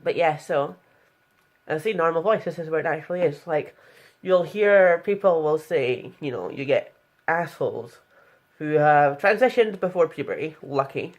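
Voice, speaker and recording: A woman's voice: deep voice, expressive, normal speed, a little mellow, highs cut off. A young woman talking frankly in a casual vlog tutorial, chatty and blunt, with plenty of fillers. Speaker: vlogger.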